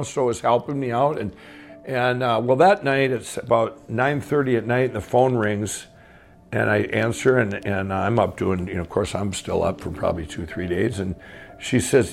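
Gravelly man telling his own story. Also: mid-range voice. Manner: rambling, many restarts and asides. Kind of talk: casual spoken recollection.

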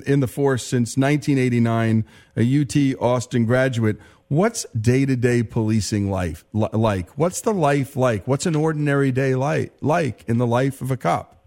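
Man, talk-show host, mid-range voice, expressive questions, engaged. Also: medium pitch. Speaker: interview host. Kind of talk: interview talk.

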